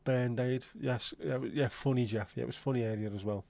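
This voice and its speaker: A man's voice: medium pitch, fairly even intonation, a little fast, creaky, mellow. A man hosting a live stream, chatting casually and teasing his viewers as he reads and answers their comments. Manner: friendly, teasing banter with viewers. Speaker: livestream host.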